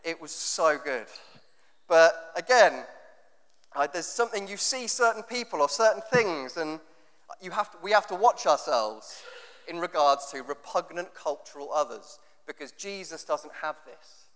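A fairly high, slightly bright male voice with lively intonation moves at a measured pace. The speaker, a pastor from England, keeps his sermon conversational and humorous and acts out quotes, all in a hall with long reverb.

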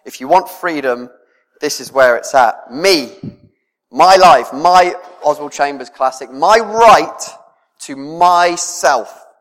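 A man preaching a sermon in a conversational way, often chuckling and tossing in questions like "isn't it?". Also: a little high. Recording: long reverb of a hall.

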